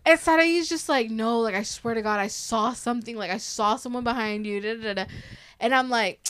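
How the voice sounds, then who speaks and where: A woman host telling a scary story in casual chat, animated and profane, acting out the people she quotes. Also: a little high, fairly quick, clear, resonant tone.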